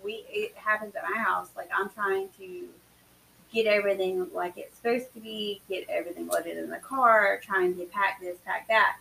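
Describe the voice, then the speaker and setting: A woman's voice: medium pitch, moderate pace, gravelly. A woman co-hosting a podcast, chatting casually and telling stories with emphatic energy. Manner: emphatic, animated storytelling. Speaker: podcast co-host. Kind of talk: casual chat. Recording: distant mic with faint hiss.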